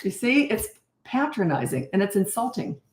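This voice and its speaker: An older woman coaching parents in a blunt, animated way, answering questions and acting out how to talk. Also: mid-range voice, moderate pace, echoey room. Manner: blunt, animated, acts out parent and child voices.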